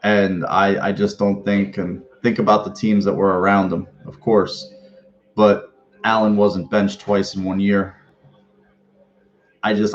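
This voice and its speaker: Guy ranting about his team, swears a lot, keeps restarting, kinda low voice, muffled lo-fi recording. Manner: rambling, profane, with many restarts and fillers. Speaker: fan podcast host. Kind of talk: casual fan commentary.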